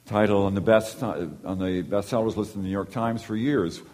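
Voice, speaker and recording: A man preaching a sermon, moving between quiet, low asides and loud, emphatic lines. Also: moderate pace. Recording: long hall reverb.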